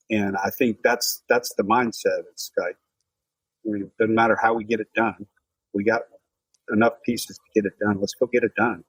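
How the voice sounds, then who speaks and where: A man hosting a podcast in casual sports chat, measured and reflective as he builds on the others' points. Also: lowish voice, steady tone, slightly rough, dry recording, low-quality recording. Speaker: podcast host.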